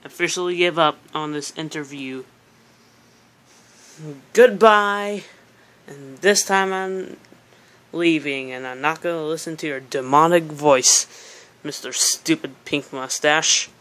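A woman's voice: deep voice, takes it slowly, pauses often, a bit bright. A woman voicing an exasperated young female interviewee, indignant and complaining in a comedic parody. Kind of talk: comedic parody role-play.

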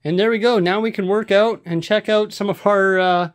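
A man's voice: high-pitched, fairly even intonation, moderate pace. A man vlogging at home, talking casually and rambling with lots of fillers as he sorts and shows his things. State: out of breath. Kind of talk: casual vlog chat. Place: house, rooms and stairs.

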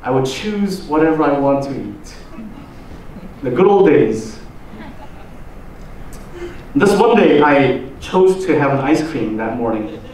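A pastor with a Korean accent giving a slow sermon, asking the congregation drawn-out questions. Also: male voice, mid-range voice, animated, a little mellow. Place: church hall. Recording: roomy echo, distant mic, faint noise.

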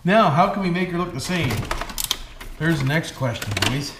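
A man's voice: fairly high pitch, expressive, moderate pace. Folksy Canadian man in an echoey room. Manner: folksy and joking, keeps saying "boys" and "why wouldn't we". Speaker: hobby channel host. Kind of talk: casual vlog narrating while working on an RC truck. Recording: echoey room with background noise.

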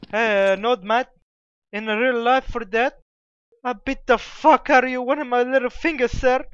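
Unhurried and pausing often, a gamer speaks in a very high, fairly bright and smooth voice with fairly even intonation and no echo. In casual voice chat he uses broken English, repeats a stock phrase after his sentences and trades playful insults. The audio is slightly dull with faint noise.

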